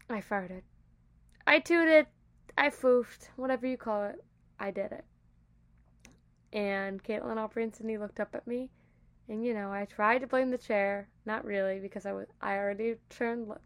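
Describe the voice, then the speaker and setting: Young woman, fairly high voice, chatty podcast host, giggly storytelling. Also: fairly bright tone. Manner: chatty, giggly, dramatic retelling. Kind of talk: casual storytelling monologue.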